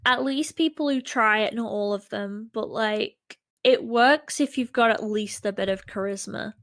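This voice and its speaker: A woman's voice: fairly high pitch, measured pace, a bit bright, dry recording. Sarcastic woman in dry chat. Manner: sarcastic, blunt. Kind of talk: casual chat.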